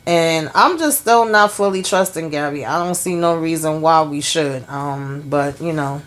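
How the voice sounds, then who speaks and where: A woman's voice: sits low, unhurried. A woman hosting her own channel, chatting casually through an episode recap and retelling scenes with lots of "you know" and "she's like.". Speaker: TV show reviewer and channel host.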